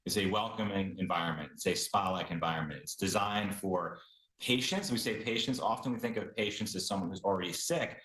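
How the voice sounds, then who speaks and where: A man, a chief medical officer, answering interview questions in a measured, earnest way. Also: sits low, a bit bright. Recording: echoey room.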